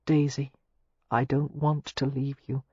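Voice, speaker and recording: A narrator voicing a troubled young American man in an audiobook, speaking quietly and hoarsely. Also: medium pitch, level tone, a little slow, dry recording, muffled recording. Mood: subdued. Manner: quiet and subdued. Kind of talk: audiobook character reading.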